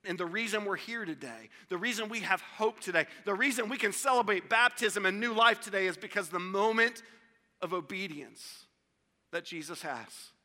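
A man preaching a sermon as a pastor, emphatic and repetitive, swinging between loud builds and hushed drops. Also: high voice, normal speed. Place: church sanctuary. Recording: long hall reverb.

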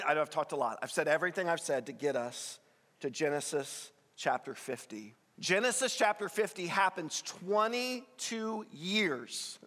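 A male pastor preaches in an earnest, conversational way, his voice sitting a little high for a man. He pushes up hard on the key points. The sound rings with the long reverb of a big church hall. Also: bright, forceful tone. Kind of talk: sermon.

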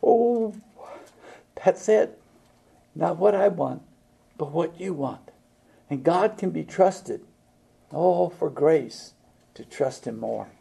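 Male preacher, warm gravelly voice, slightly husky, folksy and halting delivery. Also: on the high side, animated. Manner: folksy, halting, with frequent fillers and restarts. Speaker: pastor. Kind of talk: sermon.

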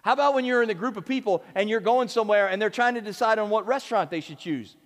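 A man with a high voice preaches a sermon, talking plainly and tossing questions to his listeners. His voice carries through a large hall with a long reverb. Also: quick pace. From United States. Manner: conversational, asks the audience questions. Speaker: pastor.

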